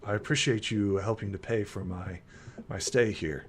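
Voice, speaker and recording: A man's voice: fairly low pitch, moderate pace, a little hiss or hum, close to an everyday voice. A man voicing a polite, hesitant innkeeper woman. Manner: hesitant, with fillers. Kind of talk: tabletop role-play voicing a character.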